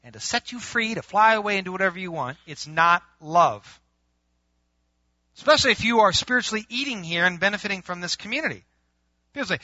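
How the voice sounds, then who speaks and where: Animated, high-voiced male preacher. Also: fairly quick, dry recording. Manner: animated, conversational, acts out dialogue. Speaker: pastor. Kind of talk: sermon. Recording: muffled, dry lo-fi recording.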